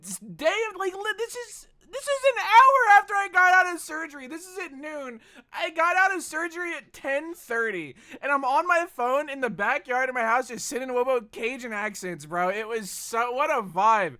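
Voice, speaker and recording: A man's voice: very high-pitched, lively intonation, normal speed, sharp tone. A man streaming a game, chatting casually in a rambling, profane way. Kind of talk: casual chat while gaming.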